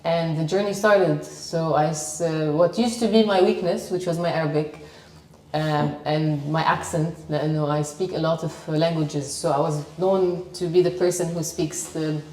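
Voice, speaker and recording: Lebanese woman guest, deep mellow voice, confident storyteller, roomy sound from a distance. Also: fairly even intonation, moderate pace. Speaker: sports presenter guest. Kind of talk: interview conversation. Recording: echoey room, mic at distance.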